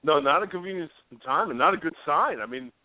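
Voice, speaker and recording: A man's voice: on the high side, lively intonation, a little fast, dry recording. A man co-hosting a radio show, chatting casually with an easygoing, teasing manner. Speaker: radio co-host. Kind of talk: casual chat. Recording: dry tinny phone-like sound.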